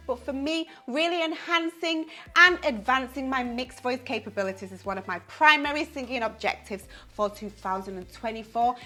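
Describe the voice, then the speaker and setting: A woman's voice: high voice, bright, forceful tone. A woman vocal coach giving an upbeat singing lesson to camera, explaining with the odd "you know" and "um".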